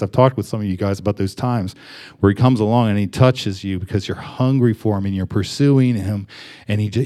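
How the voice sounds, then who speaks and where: A man's voice: fairly low pitch, a little mellow. Casual-talking young man preaching. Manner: conversational, with many fillers and restarts. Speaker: pastor. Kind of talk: sermon.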